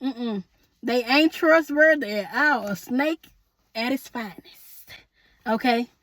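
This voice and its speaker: Sassy high-voiced woman tarot reader. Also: slow pace, a bit bright, no echo. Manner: sassy, chatty, calls viewers honey and boo; laughs often, asks spirit aloud. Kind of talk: casual tarot reading to viewers.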